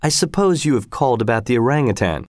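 A man voicing a shrewd, calm male detective who speaks in a measured, cheerfully persuasive way. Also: mid-range voice, no room sound, studio quality, close to an everyday voice.

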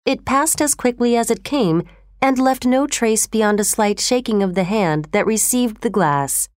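A woman narrating a classic story in a measured, expressive reading. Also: fairly high pitch, no room sound, clean studio sound.

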